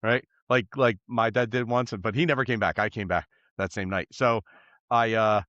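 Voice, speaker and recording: A man's voice: lowish voice, fairly even intonation, normal speed, a bit bright, dry recording. Podcast co-host, male, rambling storyteller, slightly dull dry sound. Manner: rambling, laughing anecdote teller. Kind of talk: casual storytelling chat.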